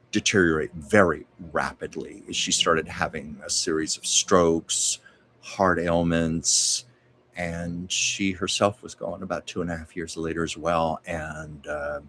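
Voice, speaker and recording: A man's voice: deep voice, fairly bright tone, breathy edge. A man hosting a livestream, telling anecdotes in a conversational way with little asides. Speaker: host. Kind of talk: storytelling livestream chat.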